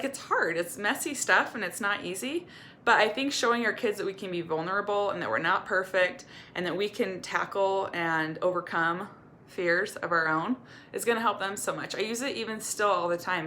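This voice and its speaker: A woman's voice: medium pitch, normal speed, sharp tone, a little hiss or hum. A woman recovery coach giving candid, earnest personal advice to camera. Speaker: eating disorder recovery coach.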